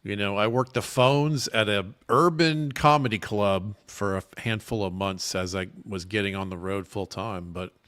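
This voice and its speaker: A man's voice: lowish voice, a bit bright, clear, resonant tone. A middle-aged man who is a stand-up comedian, chatting casually and upbeat as a podcast guest. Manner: upbeat, quick with jokes.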